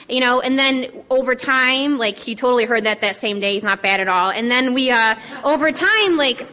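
A young woman speaking on a conference panel, sharing her story quickly, a little nervous and excited. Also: fairly high pitch. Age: young adult. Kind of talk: personal share talk.

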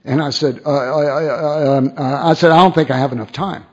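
Man, storytelling talk, acts out other voices, fairly high voice, dull lo-fi recording. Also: fairly quick. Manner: animated, acts out quoted voices, frequent restarts. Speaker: speaker sharing his recovery story.

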